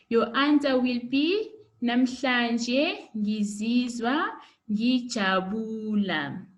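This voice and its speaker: A woman teacher giving a recorded home lesson, slowly modelling each word for children to repeat. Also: high-pitched. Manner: slow, drawn-out modelling of words for repetition. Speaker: primary school teacher.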